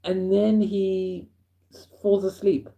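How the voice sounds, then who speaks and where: A man from Africa, telling a first-person story in an animated way and chuckling as he goes. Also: sits high, slow, creaky. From South Africa.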